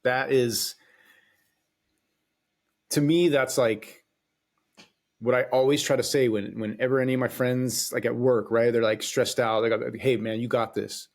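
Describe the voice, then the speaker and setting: A man hosts his own podcast alone, talking loosely and swearing freely. He rambles and stops to restart his sentences. His voice sits at an ordinary middle pitch. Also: fairly even intonation, unhurried, pauses often. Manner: rambling and profane, with frequent hesitations. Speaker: podcast host. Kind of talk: casual solo podcast monologue.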